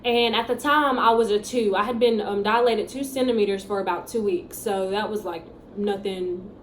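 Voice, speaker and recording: A young woman telling her own story in a casual, animated way, acting out what people said. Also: mid-range voice, moderate pace. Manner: animated, chatty storytelling with acted-out quotes. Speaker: vlogger. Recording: echoey room with faint background hum.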